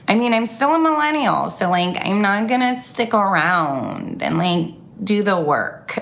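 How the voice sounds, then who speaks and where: A woman comedian doing stand-up remotely, with slow, deadpan, self-mocking delivery. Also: medium pitch, vocal fry.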